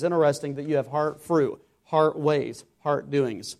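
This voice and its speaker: A man preaching a sermon, moving between loud exhortation and hushed earnest tones, acting out imagined questioners and their replies. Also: on the high side, unhurried, creaky, hardly any pauses.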